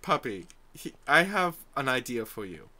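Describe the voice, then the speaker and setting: A man's voice: medium pitch, sing-song, moderate pace, sharp tone. A man hosting a livestream chat, teasing his guest and often hesitating. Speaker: stream host.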